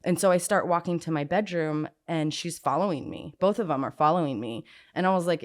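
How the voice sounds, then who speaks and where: A woman's voice: low voice, fairly quick, hardly any pauses. A woman from Southern California giving an interview and recounting a personal story in casual conversation. She talks frankly and without a filter, with lots of "like" and the odd swear word. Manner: frank and unfiltered, peppered with "like" and swearing. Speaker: interview guest.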